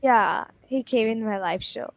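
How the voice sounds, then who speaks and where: A woman appearing as a guest on a live online show, explaining English pronunciation in a lively, emphatic way over a video call. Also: a little high, measured pace, creaky, a crowd in the background, rough recording.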